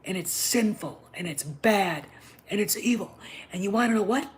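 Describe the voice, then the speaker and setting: A woman's voice: medium pitch, lively intonation, moderate pace. A middle-aged woman hosting her own channel, delivering a heated, emphatic rant that drops to whispers for emphasis. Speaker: channel host. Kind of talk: ranting opinion monologue.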